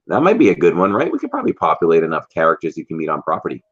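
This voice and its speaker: A man with a deep, low voice hosts a casual livestream. He reads viewer comments aloud and greets people by name. The stream audio sounds dull and lo-fi. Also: wildly swooping pitch, rapid-fire, a bit bright, breathy edge. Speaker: livestream host.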